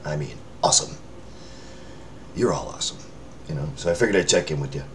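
A man's voice: extremely low pitch, expressive, brisk, slight background noise. A man casually chatting to his followers, rambling and poking fun at himself. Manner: rambling, self-mocking, with filler words and restarts. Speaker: vlogger checking in with followers. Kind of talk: casual rambling chat to camera. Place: indoors under a lamp near a window.

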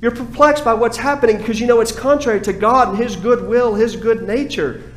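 A man's voice: very high voice, a little fast. Impassioned male preacher in an echoey sanctuary. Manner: impassioned preaching, swings from hushed to raised. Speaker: pastor. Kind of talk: sermon. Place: church sanctuary.

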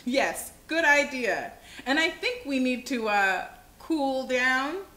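A woman's voice: sits high, animated, slow, bright, forceful tone, roomy sound, exaggerated voice. Woman doing a cheerful magical grandpa.

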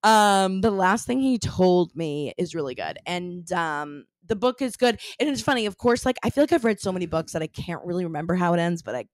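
A young woman co-hosting a podcast, chatting casually with lots of fillers and a bouncy, animated delivery. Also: a little fast, hardly any pauses, no echo. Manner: chatty, lots of fillers, bubbly swings in pitch. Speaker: podcast co-host. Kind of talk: casual chat.

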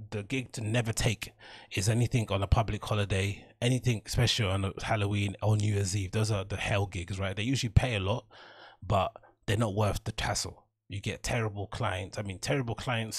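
A man's voice: lowish voice, husky, dry recording, clean studio sound. A man hosting a podcast, rambling casually with a laugh and mock-polite asides. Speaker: podcast host.

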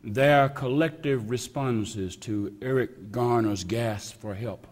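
Slow, emphatic preacher in a reverberant church. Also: male voice, fairly low pitch, darkish tone. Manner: slow, emphatic preaching with drawn-out repetitions and dropping to a whisper. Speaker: pastor. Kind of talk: sermon. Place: church sanctuary. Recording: long reverb of a church hall.

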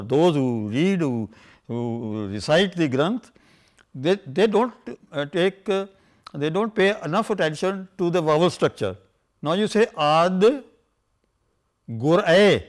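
An older man lecturing on how scripture words should be pronounced, halting and filling pauses with "uh" and "you see". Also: high-pitched. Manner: halting, many fillers, keeps saying "you see". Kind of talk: academic lecture.

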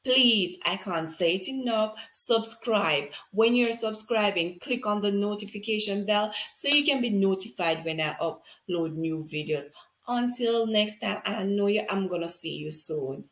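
A woman teaching reading with phonics, speaking slowly and clearly in an encouraging way. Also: medium pitch, animated, reverberant. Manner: slow, enunciated, encouraging. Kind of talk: phonics tutorial for parents.

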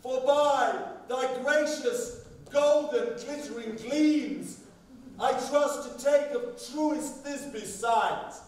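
An actor playing an overblown, lovesick stage hero on a theatre stage, declaiming in mock-tragic style. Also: male voice, extremely high pitch, drawn-out words, darkish tone, slight background noise, heavily acted. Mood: mock-heroic. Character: Pyramus, a lovesick young hero played by a clumsy craftsman. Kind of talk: amateur stage acting. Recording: echoey hall from far off.

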